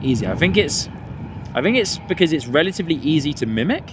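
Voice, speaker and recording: A man hosting a live plane-spotting stream outdoors at an airport, chatting with viewers in a rambling way, with many fillers and restarts, and excited by good landings. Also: fairly high pitch, fast. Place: outdoors at an airport viewing spot. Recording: outdoor traffic noise. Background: outdoor traffic and ambience.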